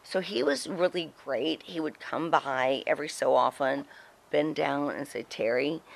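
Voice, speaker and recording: A middle-aged woman telling a story in a casual interview, animated and chatty, acting out what others said. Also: low voice, measured pace, creaky. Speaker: guest, former wrestling personality.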